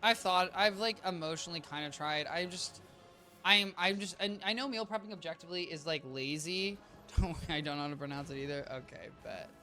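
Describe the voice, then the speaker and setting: A man streaming a game, chatting casually with viewers in a rambling, self-interrupting way, a little tired and low on energy. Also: brisk, pushed and bright. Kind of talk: casual live-stream gameplay chat. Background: game music.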